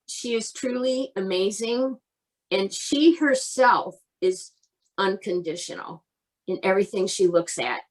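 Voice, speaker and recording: A woman presenting an award over a video call, speaking slowly and earnestly, close to tears with pride. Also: medium pitch, poor audio. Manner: warm, emotional, slow and earnest.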